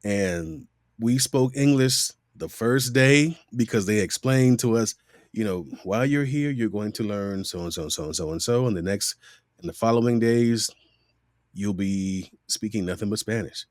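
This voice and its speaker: A lowish male voice at a moderate pace belongs to a middle-aged voice actor from Miami, who brings his anecdotes to life in a laid-back interview by imitating the people he quotes. The studio-quality recording has no echo.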